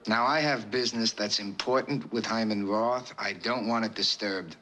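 An actor playing a young mob boss who speaks quietly, measured and controlled. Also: male voice, on the low side. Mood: cold. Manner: quiet, measured, soft-spoken. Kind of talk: film drama acting.

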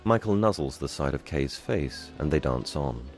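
Male audio describer: very low voice, neutral scripted reading, light music beneath. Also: lively intonation, normal speed.

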